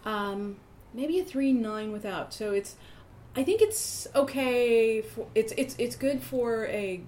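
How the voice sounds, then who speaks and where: A woman's voice: on the high side, takes it slowly, a little mellow. A woman co-hosting a casual wine podcast, chatty and playful, often restarting her sentences. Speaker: podcast co-host.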